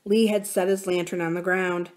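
A woman reading a novel aloud for a library series, narrating calmly. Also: fairly low pitch, moderate pace. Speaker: library reader.

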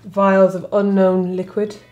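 A woman's voice: medium pitch, flat delivery, unhurried, a little mellow. A young woman with an Irish accent, chatting casually on camera and filling her talk with little fillers. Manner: chatty, uses lots of fillers. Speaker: contributor taking a test.

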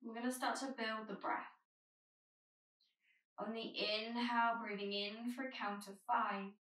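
A woman yoga teacher giving calm, gentle spoken cues through a guided flow. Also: on the high side, unhurried, echoey room, recorded from a distance, rough recording.

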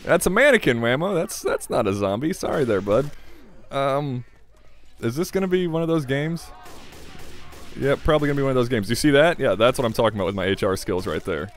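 A man's voice: mid-range voice, big pitch swings, fast talker. A young man giving casual, rambling commentary over a game at his desk late at night, tired and giggly. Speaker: gaming commentator. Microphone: desk microphone.

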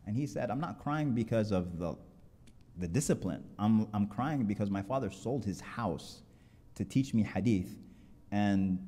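A man's voice: fairly low pitch, mellow. A man preaching a Friday sermon, telling stories with quoted dialogue in an earnest way. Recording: long hall reverb.

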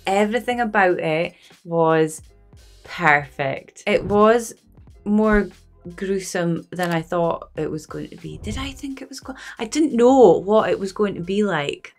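A woman in her thirties, hosting a movie reaction in a gushing, exclamatory way and thinking out loud. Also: on the low side, unhurried, soft background music. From Scotland.

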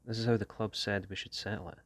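A man's voice: on the low side, fairly even intonation, quick pace, a bit bright. A man voicing a wary teenage gang boy. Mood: guarded. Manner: slangy street talk, guarded and restless.

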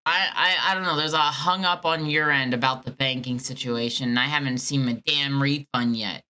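A woman's voice: extremely low pitch, steady tone, moderate pace, bright, forceful tone. A woman baiting a phone scammer, sarcastic and teasing while she plays dumb. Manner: sarcastic, teasing, mock-naive. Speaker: scam baiter. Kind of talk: prank call with a scammer.

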